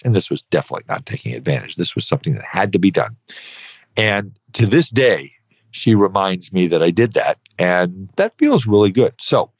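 In a dry, slightly dull podcast recording with no room sound, a man in his fifties with a fairly low voice hosts an advice show. He's a podcast host and accountant who speaks earnestly and emphatically, driving points home by repeating "okay".

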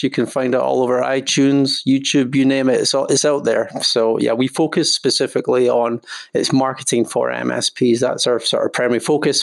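A man with a Scottish accent, a guest on a podcast, talking in a relaxed, conversational way. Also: mid-range voice, vocal fry. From Scotland. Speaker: podcast guest, marketing consultant. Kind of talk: podcast interview.

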